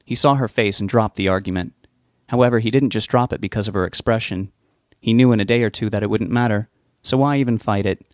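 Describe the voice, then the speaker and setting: A man narrating a novel as an audiobook reader, giving the characters' lines small lifts in pitch. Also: fast, dry recording, studio quality.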